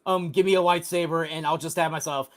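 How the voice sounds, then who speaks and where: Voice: medium pitch, fairly even intonation, fast talker. Laughing, joking podcast co-host. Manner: laughing often, jokey asides. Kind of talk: casual chat.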